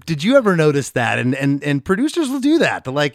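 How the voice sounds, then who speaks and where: A middle-aged man hosting a podcast, breaking down a song in a casual, animated way and acting out quotes. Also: a little high, quick pace, vocal fry, hardly any pauses, no room sound. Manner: animated, acts out quotes in a raised voice. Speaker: podcast host. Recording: dry close-miked studio voice.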